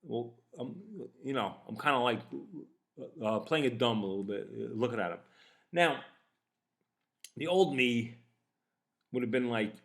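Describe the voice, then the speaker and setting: A man in his fifties casually telling a personal story, animated and swearing as he acts out both sides of the exchange. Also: medium pitch, a little slow, creaky, pauses often. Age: 50s. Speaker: podcast host.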